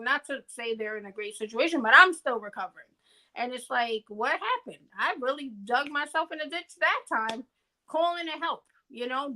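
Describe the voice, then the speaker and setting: A woman co-hosting a podcast in relaxed, reflective conversation. Her voice sits high and sounds bright and clear. She speaks earnestly and thinks aloud, often checking in with "you know what I mean?". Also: rough recording. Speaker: podcast co-host. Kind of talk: casual reflective chat.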